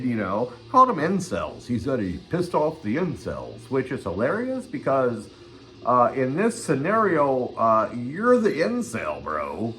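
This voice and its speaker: A man's voice: medium pitch, wildly swooping pitch, unhurried, a bit bright, soft background music. An older man hosting his own channel, ranting crudely and swearing constantly in a rambling vlog. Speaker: channel host. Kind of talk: rambling profane vlog rant.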